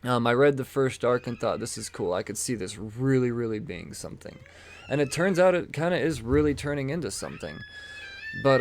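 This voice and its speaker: A man hosting a comic book podcast, talking casually and with enthusiasm, rambling and often repeating his words as he goes. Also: mid-range voice. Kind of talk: casual solo talk showing comics.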